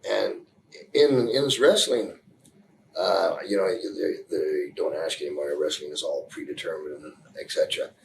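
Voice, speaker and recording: Gravelly deep-voiced man, wry and joking. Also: a little hiss or hum, low-quality recording. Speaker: pro wrestler. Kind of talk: casual interview.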